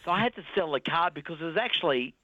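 An Australian man on radio, giving a traffic report and chatting easily with the host, quick to laugh. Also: on the high side, lively intonation, pushed and bright, dry recording, highs cut off.

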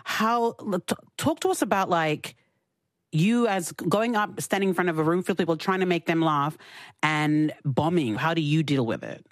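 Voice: mid-range voice, normal speed, no echo. Host asking rambling questions, dry sound. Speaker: podcast host. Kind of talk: casual interview.

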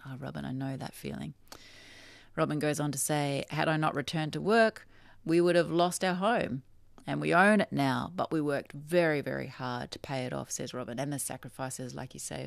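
Woman radio host, South Australian accent, gravelly voice, dry studio sound, chatty with hesitations. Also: low-pitched, a bit bright, no room sound. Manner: chatty, reads messages aloud with hesitations. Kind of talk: radio talk show reading listener texts. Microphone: studio microphone.

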